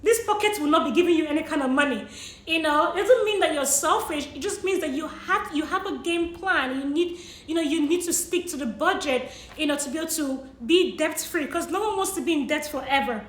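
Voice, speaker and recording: Tearful high-voiced woman in an echoey room. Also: brisk. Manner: emotional, apologetic, laughs through tears. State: tearful, sniffling. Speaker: vlogger sharing money tips. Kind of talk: emotional personal vlog.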